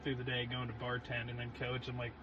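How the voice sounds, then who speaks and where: Man, mid pitch, casual joking host, quick quips, muffled lo-fi audio, steady noise behind. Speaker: podcast host. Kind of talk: casual chat. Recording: dull lo-fi sound with clear background noise.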